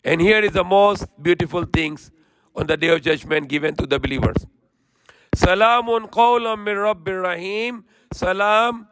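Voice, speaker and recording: A man's voice: high-pitched, fairly bright tone, no room sound. A man preaching, reciting verses and then translating and explaining them earnestly. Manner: rapid, fluent recitation. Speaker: Islamic preacher. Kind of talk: verse-by-verse Quran commentary.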